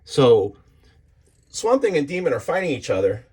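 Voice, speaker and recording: A man's voice: a little high, very animated, moderate pace, darkish tone, breathy edge. A man casually and enthusiastically recapping a comic book issue, acting out the characters' lines as he goes. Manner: enthusiastic, retelling panels with voices.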